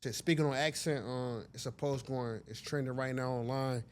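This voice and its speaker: A man's voice: mid-range voice, fairly even intonation, normal speed, clean tone. A man hosting a casual interview, asking questions in a laid-back, slangy way. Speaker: podcast host.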